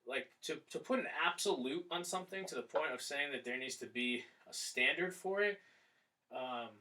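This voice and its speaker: A man's voice: fairly high pitch, moderate pace, far from the mic, rough recording. A man who coaches athletes, hosting a podcast and talking casually with fillers and restarts. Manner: relaxed, rambling with fillers. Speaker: strength coach and podcast host.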